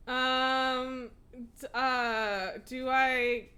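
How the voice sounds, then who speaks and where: A woman's voice: fairly high pitch, expressive, moderate pace, pushed and bright. A young woman streaming a game, chatting casually, giggling and swearing freely. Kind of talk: casual live-stream commentary.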